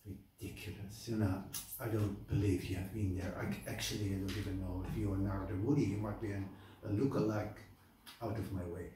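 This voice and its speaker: A man's voice: medium pitch, lively intonation, normal speed, background noise, close to an everyday voice. A man voicing a proud, indignant male Brahmin scholar who blusters and scoffs, heard from far off in an echoey hall. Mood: scornful. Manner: blustering, scornful.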